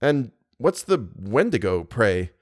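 A man voicing a jittery young hunter who stammers and turns sharp and brusque. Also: medium pitch, sing-song, slow pace, dry recording, studio quality. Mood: tense.

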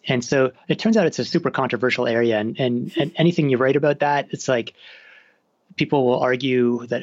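This Canadian author talks fast in a mid-range voice during a casual interview. Chatty and prone to restarting his sentences, he's captured in a dull, dry recording.

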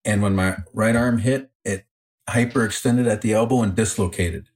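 A man's voice: lowish voice, fairly even intonation, moderate pace, a little mellow. A man co-hosting a podcast, recounting a story in a plain, matter-of-fact way. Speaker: podcast co-host. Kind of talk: casual chat.

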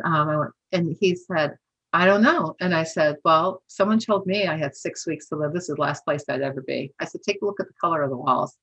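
A woman in her sixties, her deep voice gravelly, slightly rough and a bit bright, shares stories in a casual, chatty way. She laughs often, sprinkles in "you know," and acts out dialogue. The recording is lo-fi.

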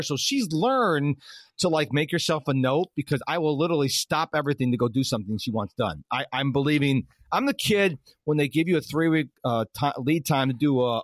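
A middle-aged man hosts a podcast in casual conversation. His voice sits fairly high and moves a lot as he acts out the people in his stories. The sound is close and dry. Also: brisk, no echo. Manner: animated storyteller who acts out quoted dialogue. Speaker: podcast host.

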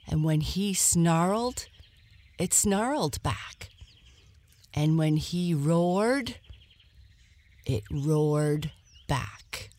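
A woman narrating a bedtime story softly, slipping into a whisper. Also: sits low, lively intonation. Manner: soft, slow and lulling, dropping to a whisper.

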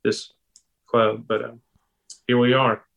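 A man in his fifties, a pastor and police officer, tells a personal story in a halting, unhurried way with frequent pauses and restarts. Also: mid-range voice, flat delivery, vocal fry, phone-quality sound. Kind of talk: personal storytelling in a podcast interview.

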